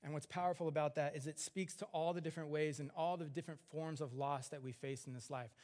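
Preaching earnestly on scripture, a man talks fast in a higher voice with fairly even intonation. He drops to hushed, tender lines and then rises into emphatic questions.

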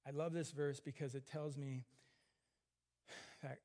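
A man preaching a sermon on scripture, earnest, dropping to hushed tender lines and rising into emphatic questions. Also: a little high, little pitch movement, a little slow.

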